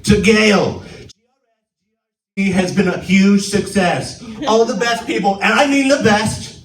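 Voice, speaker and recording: A man's voice: sits high, takes it slowly, pitched above the performer's own voice. A man putting on a boastful older male politician who repeats superlatives, recorded from a distance in an echoey club. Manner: repetitive superlative bragging.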